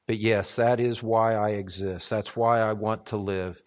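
A man's voice: lowish voice, steady tone, moderate pace, hardly any pauses. An older man preaching a sermon as a pastor in an evening church service, earnest and building to emphatic repetition.

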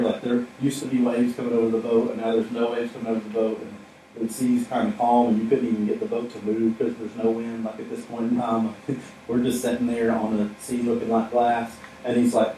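Animated preacher in an echoey hall. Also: male voice, medium pitch, moderate pace. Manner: animated storytelling, laughs often, acts out quotes. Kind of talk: conversational sermon. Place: church hall. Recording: echoey hall from far off, faint room noise.

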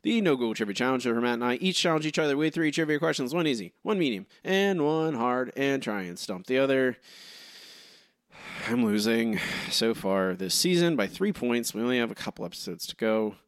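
A man co-hosting a casual podcast and running a trivia quiz, teasing his partner with quick asides. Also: medium pitch, expressive, no room sound, studio quality. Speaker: podcast co-host and quiz master.

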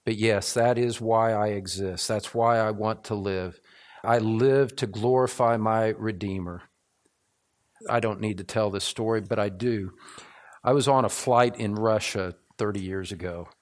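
A man's voice: fairly low pitch, steady tone, a little slow. A middle-aged man preaching a sermon as pastor, earnest and building to fervent, repetitive emphasis.

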